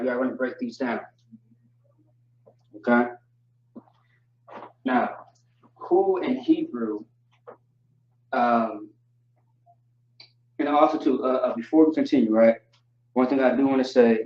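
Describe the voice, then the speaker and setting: A man teaching a livestream lesson, explaining slowly and deliberately with frequent fillers. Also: medium pitch. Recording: distant, echoey and dull lo-fi audio.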